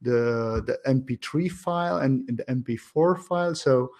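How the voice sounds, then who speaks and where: A man's voice: medium pitch, normal speed, gravelly, darkish tone. A man asking questions in a casual video chat, hesitant and full of fillers and restarts. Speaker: interviewer.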